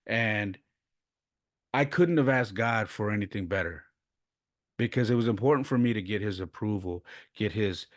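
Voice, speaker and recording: A man in his forties, a podcast host, telling personal stories in a casual, animated way and going quiet and subdued in the heavier parts. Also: lowish voice, normal speed, no room sound, clean studio sound. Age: 40s. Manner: animated storyteller who acts out quoted voices; turns quiet and subdued when speaking of loss.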